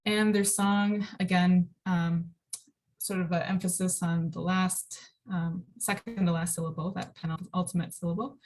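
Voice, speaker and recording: A woman presenting a casual online slide lecture, relaxed and full of ums and likes, speaking over a video call. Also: fairly low pitch, measured pace. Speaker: birding presenter.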